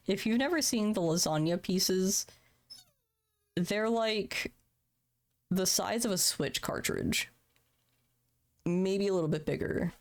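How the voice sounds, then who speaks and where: On the low side and gravelly, this woman's voice belongs to a streamer in her thirties. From a room at home she talks personally and emotionally on her livestream, dropping swear words offhandedly.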